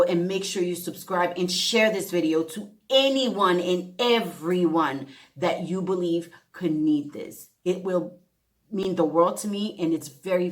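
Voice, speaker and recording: A woman's voice: lowish voice, a bit bright. A woman vlogger speaking earnestly to her viewers and reading a heartfelt letter aloud, fighting back tears, sometimes tripping over words. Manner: earnest, emotional, halting reading with self-corrections. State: close to tears.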